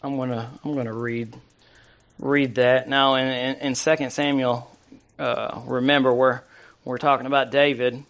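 This pastor's voice is medium in pitch, level and fairly bright, at a measured pace. He delivers a conversational sermon peppered with fillers and restarts, reading scripture out loud along the way.

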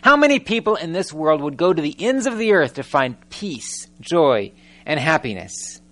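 Male preacher, fairly high-pitched, animated storyteller who acts out characters and peppers the congregation with rhetorical questions. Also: moderate pace. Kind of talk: sermon.

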